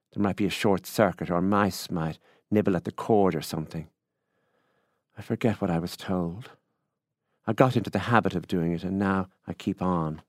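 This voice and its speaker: A cross, impatient Irish landowner woman, as a man reading aloud puts her on, speaking curtly in a very deep, low voice. The recording is dry and close. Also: darkish tone, dry recording, lightly acted. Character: impatient middle-aged woman landowner living alone. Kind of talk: literary reading.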